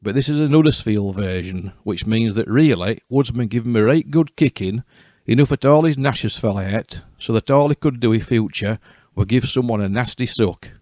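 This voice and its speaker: A man's voice: medium pitch, normal speed, a little mellow, no echo, clean studio sound. A man telling a fairy tale in broad Yorkshire dialect, with wry asides to the listener. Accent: West Riding Yorkshire. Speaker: storyteller.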